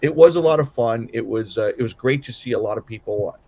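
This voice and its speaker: A man's voice: mid-range voice, fairly quick, darkish tone. A man co-hosting a political podcast, tired after a late night, talking in a loose, rambling way with many restarts and fillers. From Southern California. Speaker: podcast co-host. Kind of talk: casual political chat.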